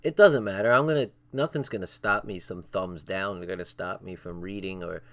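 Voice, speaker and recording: A man's voice: sits low, brisk. A man reading a crime book aloud on a livestream, stopping for side remarks, swearing and chuckling, and breaking off to check his chat. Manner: reads with asides, swearing and chuckles.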